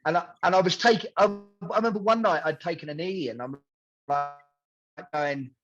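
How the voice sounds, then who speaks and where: A man's voice: high-pitched, fast, muffled recording, faint music behind. A man in his thirties, a podcast guest, telling his own story candidly and acting out the voices of others. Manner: animated, acts out dialogue in quoted voices.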